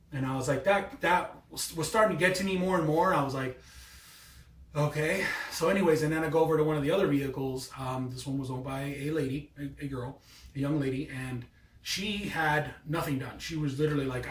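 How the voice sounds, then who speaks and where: A man's voice: a little high, slight background noise. Exasperated man in his thirties, rambling. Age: 30s. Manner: rambling, exasperated, many restarts. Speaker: car vlogger. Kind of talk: casual storytelling rant. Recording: echoey, mic at a distance.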